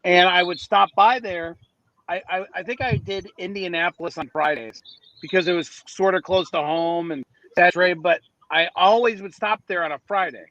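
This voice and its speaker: A man's voice: high voice, moderate pace, bright, forceful tone, lo-fi sound. A man, a podcast guest, telling a story in a casual, rambling way, often restarting his sentences, speaking from outdoors near a city street.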